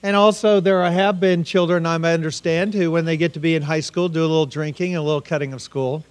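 A middle-aged American man with a fairly high voice speaks as a keynote speaker. He tells a hard family story earnestly and gives each quoted line its own voice. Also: steady tone, a little fast. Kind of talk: personal story told as a conference keynote. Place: conference hall.

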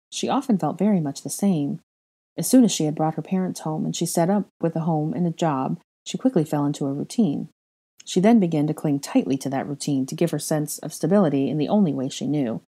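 A woman narrates a story aloud with a low, mellow voice. Her reading is slow and measured, in audiobook style. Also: breathy edge. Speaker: fan fiction reader.

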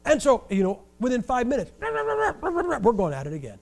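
An older man from Ohio preaching a sermon, telling stories in an animated, joking way with wry sarcasm. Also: extremely high pitch, normal speed, vocal fry. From Ohio, USA. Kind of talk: storytelling sermon.

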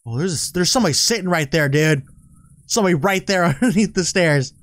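A man hosting a gaming channel, playing a horror game with excitable, swearing commentary. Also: high voice, fast, no room sound, studio quality. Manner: excitable, swearing, laughing asides. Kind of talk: let's play commentary.

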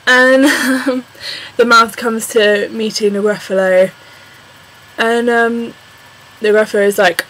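A young English woman talking straight to camera in a casual vlog. Her voice sits a little high, and she rambles along with lots of ums and bursts of excitement. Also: slow, pauses often, rough recording. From England. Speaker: vlogger.

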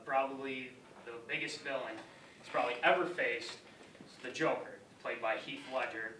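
A man's voice: medium pitch, noisy background. A young man giving a casual class presentation, rambling in loose phrases. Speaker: student presenter. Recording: roomy classroom sound, from far off.

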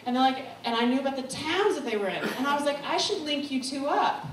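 Woman, stage speaker, blunt and emotional, high voice, echoey far-off room sound. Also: expressive, fast. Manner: candid, swearing, swings from solemn to giddy. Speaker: guest speaker. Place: comedy club stage. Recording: echoey room, distant mic, faint noise.

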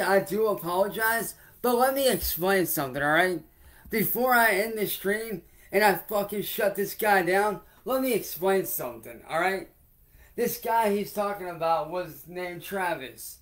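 A man livestreaming, ranting angrily and profanely at a viewer and then apologising to his audience, repeating himself often. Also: high-pitched. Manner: heated, profane, confrontational; repetitive, addresses a heckler then the audience. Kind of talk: angry livestream rant to viewers.

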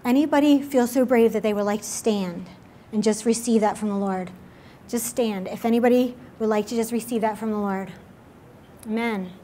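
A woman pastor leading an altar call and prayer in a church service, gently inviting and repeating her words. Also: a little high, a little hiss or hum.

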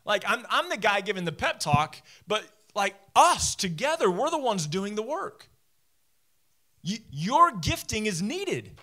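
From a church stage, a teaching pastor preaches a sermon, addressing his listeners directly with self-deprecating humor. He's conversational and animated, speaking in a high voice at a measured pace.

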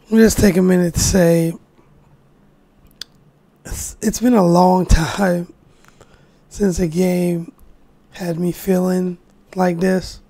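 A woman commenting casually on a video game she is playing, slow and heartfelt. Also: fairly low pitch, flat delivery, creaky, warm tone, no echo. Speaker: game streamer. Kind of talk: casual let's-play commentary.

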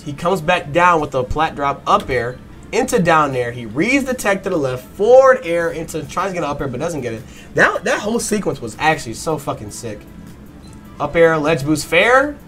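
A man giving a fast, excited play-by-play breakdown of a fighting game match, swearing and breaking into excited bursts. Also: fairly high pitch. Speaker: match analyst.

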